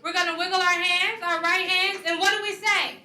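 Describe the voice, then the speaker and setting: High, bright-voiced woman in an echoey hall. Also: brisk. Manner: energetic, coaxing, playful with children. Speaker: children's author visiting a school. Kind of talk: leading children at a school assembly. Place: large echoey school hall with children. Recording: echoey hall, faint crowd of children.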